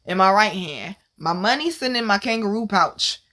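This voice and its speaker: Woman vlog host with a bright, forceful voice, spinning a story in slangy, cuss-laden casual talk. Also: medium pitch, normal speed. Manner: animated, profane, slangy retelling.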